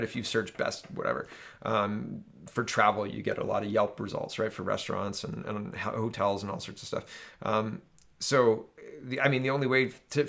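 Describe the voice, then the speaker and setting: A man's voice: medium pitch, vocal fry, a bit bright. A man from Canada giving solo political opinion commentary, exasperated and ranting, often tagging his points with "right?".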